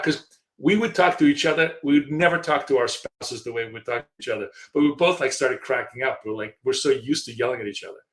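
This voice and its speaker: This trading show co-host, a middle-aged man, talks casually on a live stream with plenty of fillers and restarts, like a chatty storyteller. His mid-range voice is brisk and fairly bright, and the room sounds echoey.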